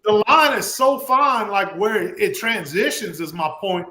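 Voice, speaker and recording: A man's voice: high voice, a little slow. A man in his forties with a South Louisiana Cajun accent, hosting a casual podcast chat and telling stories with lots of laughter. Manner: animated storyteller, laughs often. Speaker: podcast host. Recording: echoey room.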